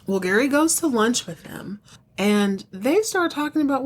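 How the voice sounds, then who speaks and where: A woman's voice: lively intonation, normal speed. A young adult woman hosting a casual solo podcast, chattily recapping a TV soap episode with playful asides. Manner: chatty, playful, acts out characters' lines in higher voices.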